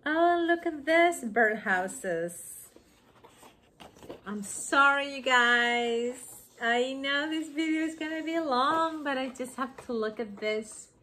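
A woman chatting excitedly on her home craft vlog, gushing over gifts she received. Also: high voice, a little hiss or hum. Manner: gushing, excited, slow-paced. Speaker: craft vlogger. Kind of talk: casual vlog chat.

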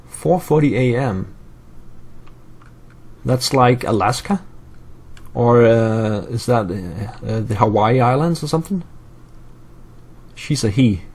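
A man's voice: medium pitch, darkish tone, husky. A man from Europe casually commenting on his gameplay, thinking aloud with fillers and answering live chat. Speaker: let's play host.

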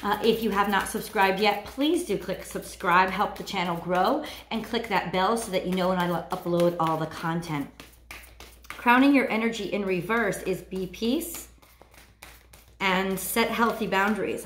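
A woman doing a weekly tarot card reading, talking in a halting way and searching for her words. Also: mid-range voice, fairly bright tone, reverberant, a little hiss or hum. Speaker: tarot reader.

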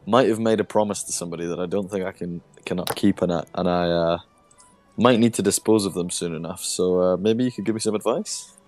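Very deep-voiced hesitant male player. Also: brisk, a little mellow, faint music behind. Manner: hesitant, full of um and restarts. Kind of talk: in-character tabletop role-play.

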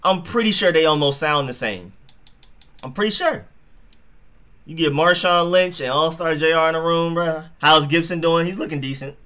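A man's voice: fairly high pitch, moderate pace, bright, forceful tone. A young man hosting a live football stream, chatting casually in slang and reacting to plays and chat messages. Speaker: sports live-stream host.

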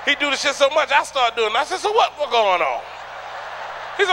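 A man doing a stand-up comedy routine on a theater stage, loud and boisterous, acting out people with shouts and sounds. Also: extremely high pitch, very animated, fairly quick, creaky, a faint crowd, a little hiss or hum.

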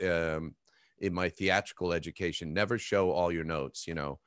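A man's voice: low-pitched, moderate pace, clear, resonant tone, dry recording, clean studio sound. A man, a game voice actor, chatting casually and playfully on a fan panel. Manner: animated, playful, laughs often.

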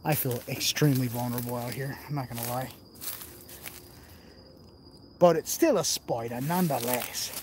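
A man vlogs on a handheld phone camera while exploring outdoors, joking around and speaking straight to his viewers in casual commentary. His voice is medium-pitched and darkish, at normal speed with frequent pauses, and there's a little hiss or hum.

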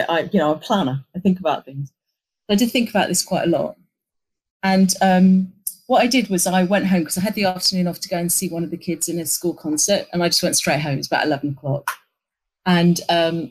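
A middle-aged woman, telling an animated work anecdote in an interview and acting out the lines of the people in it. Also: lowish voice, poor audio. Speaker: interview guest, agency executive. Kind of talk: conversational storytelling.

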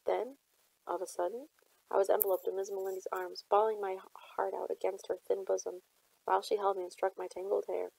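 A woman reading a novel aloud, telling the story in a measured first-person way. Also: medium pitch, little pitch movement, vocal fry, darkish tone, husky, no echo, rough recording. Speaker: audiobook reader.

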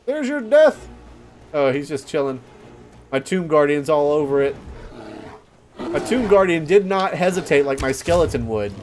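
A young man hosting a let's play, giving casual gameplay commentary and getting easily excited, yelping and laughing at surprises. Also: a little high, normal speed, long pauses, soft background music.

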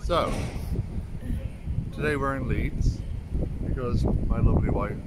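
A man vlogging in a casual, excitable way, swearing freely, recorded on a phone. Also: mid-range voice, unhurried, loud music behind the voice. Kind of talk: casual vlog chat.

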